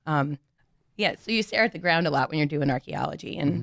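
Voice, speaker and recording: A middle-aged woman archaeologist, a podcast guest, speaking in a low-key, matter-of-fact way with frequent pauses. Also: lively intonation, a bit bright, no room sound, studio quality. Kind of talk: casual interview talk.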